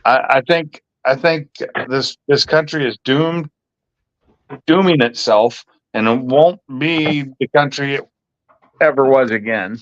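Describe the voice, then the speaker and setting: A man's voice: mid-range voice, a little slow, dry recording. A man chatting casually on a live stream, rambling with restarts and casual swearing. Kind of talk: casual chat. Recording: dull lo-fi audio.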